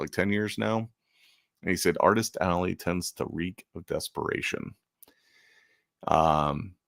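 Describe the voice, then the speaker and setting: Low gravelly man chatting casually. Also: dry recording, clean studio sound. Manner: relaxed rambling, self-deprecating jokes. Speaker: convention artist and channel host. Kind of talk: casual chat.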